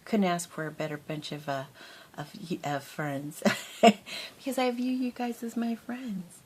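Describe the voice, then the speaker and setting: A woman's voice: lowish voice, unhurried, darkish tone, breathy edge. A woman chatting casually to her camera as a crafting vlogger, rambling and laughing often.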